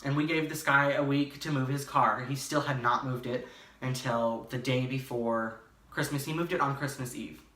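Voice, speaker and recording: A young man telling a casual storytime vlog from his bedroom, rambling and animated, full of fillers and restarts. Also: mid-range voice, normal speed. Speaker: vlogger. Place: his bedroom, in front of a green screen. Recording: echoey room, slightly far from mic.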